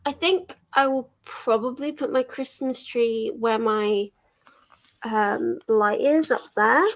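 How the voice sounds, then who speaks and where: A young woman talks casually to her viewers from her living room. Her voice sits fairly high. She rambles, laughs easily and drops the odd swear word. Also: slow. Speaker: livestream host. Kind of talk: casual chat while reading chat aloud.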